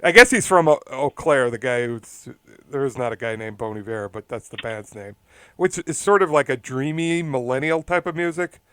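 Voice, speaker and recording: A man co-hosting a casual talk show rambles through a long story and laughs as he goes. His voice is smooth and clear, recorded close and dry with no room sound. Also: medium pitch, expressive, moderate pace, bright, forceful tone, no room sound. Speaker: podcast co-host. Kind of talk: casual chat.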